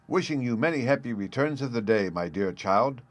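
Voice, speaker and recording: A man voicing a fussy, doddering old professor from a storybook, raised in pitch and full of glee. The recording is close and dry. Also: expressive, normal speed, dry recording, close to an everyday voice. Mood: gleeful. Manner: gleeful, fussy.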